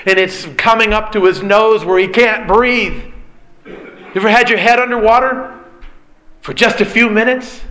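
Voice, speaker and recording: A man's voice: high-pitched, bright, forceful tone. A man preaching a sermon, earnest and emphatic, often calling his listeners beloved. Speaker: pastor.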